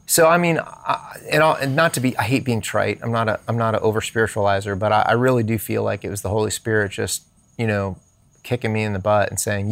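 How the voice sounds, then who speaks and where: A man with a somewhat low voice tells a personal story as an interview guest. He talks animatedly and keeps slipping into quoted dialogue, giving each speaker in the story a different tone. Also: fairly even intonation, fast, gravelly, fairly bright tone. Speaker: podcast guest.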